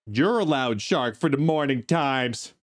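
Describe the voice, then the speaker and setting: A man's voice: mid-range voice, lively intonation, a little slow, soft background music. A man chatting casually on a live game stream, sleepy and talkative, greeting viewers. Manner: drowsy, chatty, breaks into silly sung ditties.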